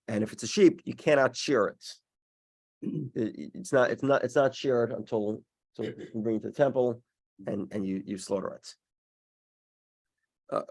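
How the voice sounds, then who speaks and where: A man teaching a daily Talmud class, explaining step by step with frequent halting restarts. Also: medium pitch, darkish tone. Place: in-person class also streamed online.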